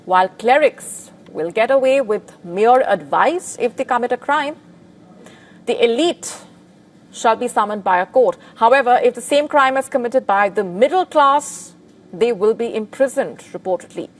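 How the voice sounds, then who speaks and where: A woman presents a scripted news report in a measured, formal way. Her voice is somewhat high for a woman. She keeps a steady newsreading rhythm.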